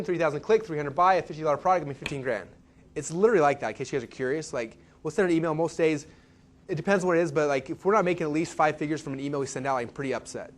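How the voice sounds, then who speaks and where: A man presenting a live marketing seminar, telling stories and tossing questions and asides to the audience. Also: a little high. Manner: fast, animated storytelling with asides to the audience.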